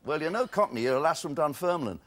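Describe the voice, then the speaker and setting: A man's voice: fairly high pitch, fast talker. A man hosting a television quiz show, witty and punning as he reads out the answers. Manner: witty, punning, lively delivery. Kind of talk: game show hosting with quips. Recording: TV broadcast with background noise.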